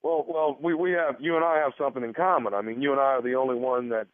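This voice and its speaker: A man making a prank radio phone call in a teasing, sly, drawn-out way. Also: medium pitch, steady tone, no room sound. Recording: tinny phone line, dry.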